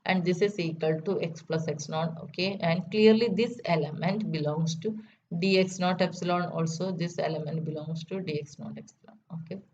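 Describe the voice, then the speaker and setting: Woman lecturer with a lowish voice, methodical proof-by-proof delivery, muffled lo-fi recording. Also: moderate pace, a little mellow. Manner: methodical, repeats key steps. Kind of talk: math lecture. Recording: dull lo-fi recording with faint noise.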